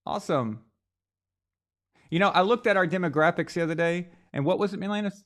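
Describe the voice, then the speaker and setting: A man's voice: high-pitched, brisk, fairly bright tone. A man hosting a live stream, chatting casually and joking with viewers. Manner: joking, rambling, mock French voice at times. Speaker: host. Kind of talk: live-stream chat, reading viewer comments.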